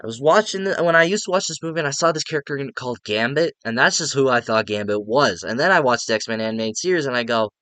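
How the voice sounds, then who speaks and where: A man's voice: medium pitch, animated, fast talker, few pauses, a bit bright, no echo. A young man giving a casual, profane, exasperated movie review rant, rambling with lots of filler words.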